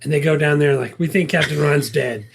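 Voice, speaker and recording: A man's voice: a little high, brisk, vocal fry, slight background noise. A man co-hosting a movie podcast, talking casually, laughing often and rambling with restarts. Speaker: podcast co-host. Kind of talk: casual movie review chat.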